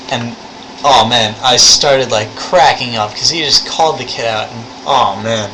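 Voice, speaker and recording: A man's voice: mid-range voice, moderate pace, bright, forceful tone, low-quality recording. A young man talking casually in a rambling video log, swearing now and then. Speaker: vlogger. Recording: air conditioner hum.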